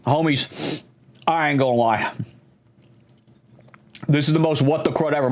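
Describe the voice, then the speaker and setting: A young man streaming casually while eating spicy food, excitable and slangy, his mouth burning. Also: a little high, measured pace, long pauses.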